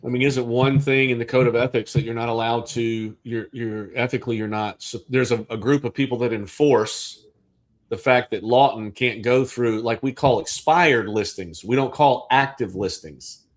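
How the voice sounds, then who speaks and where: Man, rambling livestream co-host, middle pitch, casual. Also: steady tone, moderate pace. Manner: rambling, with restarts and asides. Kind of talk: casual chat.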